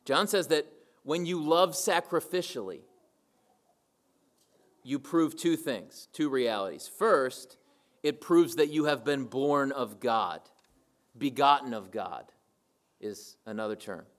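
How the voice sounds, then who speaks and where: Man, preaching a sermon, emphatic, repeats phrases, mid-pitched voice. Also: slow pace, pauses often. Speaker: pastor.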